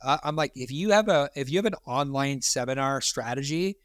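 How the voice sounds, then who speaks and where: A man's voice: medium pitch, a little fast, fairly bright tone, clean tone, no echo, studio quality. A man co-hosting a podcast, talking in an emphatic, repetitive way in casual chat. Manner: emphatic, repeats points with stammered restarts. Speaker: podcast co-host.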